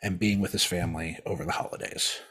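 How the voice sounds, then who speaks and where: A man's voice: sits low, fairly even intonation, fast talker, a bit bright, slightly rough. A man co-hosting a podcast, casually telling a long story, rambling with restarts and acting out the quotes. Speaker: podcast co-host.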